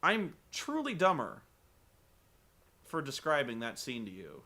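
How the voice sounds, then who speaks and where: Guy ranting thru a wrestling recap, high bright voice, bounces all over, cant believe any of it. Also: huge pitch swings, unhurried. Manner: incredulous, rambling, swearing; acts out quotes loudly.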